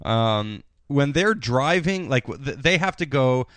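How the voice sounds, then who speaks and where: A man's voice: medium pitch, lively intonation, a little slow, a bit bright, no echo. A man co-hosting a casual film review podcast, rambling and swearing, acting out movie lines in silly voices. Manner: rambling, profane, acts out quotes in funny voices. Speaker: podcast co-host.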